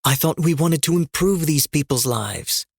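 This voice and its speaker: A man's voice: fairly high pitch, lively intonation, moderate pace, vocal fry, dry recording, clean studio sound. A man reading the lines of an earnest male spiritual guide under strain in an audiobook, trying to sound reasonable.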